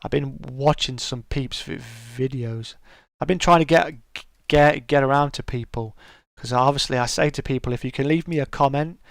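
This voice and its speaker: A man's voice: mid-range voice, dry recording, clean studio sound. A middle-aged man hosting a casual live-stream chat, greeting viewers by name and calling them mate.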